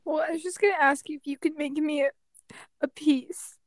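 A woman's voice: sits high, steady tone, fairly quick, dry recording, clean studio sound, pitched above the performer's own voice, natural voice. A woman putting on a weepy, half-whispered voice as a sad customer asking for a custom piece.

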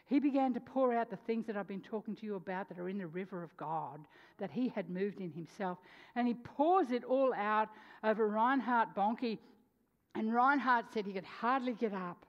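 A woman preacher telling a story in a sermon, animated, swinging between loud and hushed delivery. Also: mid-range voice. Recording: dull lo-fi sound with long hall reverb.

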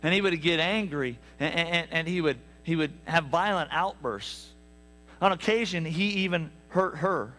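Guy preaching in church, high voice, tells stories w lots of asides, bit of hum. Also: moderate pace. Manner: animated storytelling with asides to the congregation. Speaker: pastor. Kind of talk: sermon. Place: church sanctuary.

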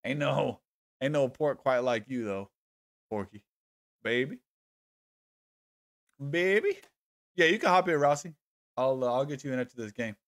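A man's voice: medium pitch, fairly quick, no echo, studio quality. A man streaming a game live, chatting loosely with viewers, swearing freely and calling them by nicknames. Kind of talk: casual live-stream chat while gaming.

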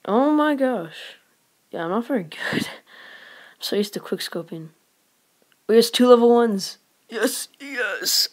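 A woman giving live gameplay commentary as a channel host, excitable and rambling, with frequent exclamations and whispered asides. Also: mid-range voice, a little slow, pauses often.

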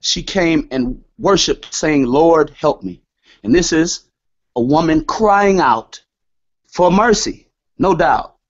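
A man's voice: fairly high pitch, expressive, slow. A man lecturing on scripture in a sermon style, emphatic and repeating his key statements. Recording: dull lo-fi audio.

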